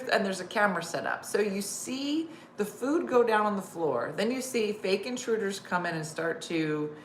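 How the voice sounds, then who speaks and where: A woman's voice: mid-range voice, a bit bright, reverberant, a little hiss or hum. A middle-aged woman hosting a casual live stream, chatty and laughing, reading viewer comments aloud. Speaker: host.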